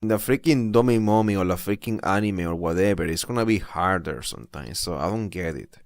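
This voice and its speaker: Young male streamer, lowish voice, dry close sound, laughs a lot, rambling. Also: animated, a little fast, no echo. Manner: chatty, incredulous, laughs often. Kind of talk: casual rambling chat while reading posts aloud.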